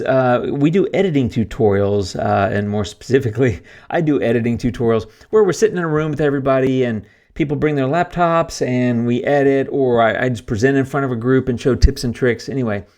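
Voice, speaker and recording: Casting note: male tutorial host, relaxed and talkative, mid pitch, loose conversational delivery with fillers. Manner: chatty, self-deprecating, thinks aloud with fillers. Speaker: photography YouTuber. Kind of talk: casual screen-recorded editing tutorial.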